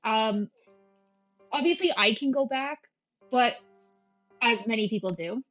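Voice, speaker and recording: A woman in her thirties talks through a game with a Valley Girl voice, pitched a little high. She rambles in a chatty, self-deprecating way. Game music plays faintly under her. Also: unhurried, long pauses, fairly bright tone, poor audio. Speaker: gameplay streamer. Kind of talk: casual gameplay commentary.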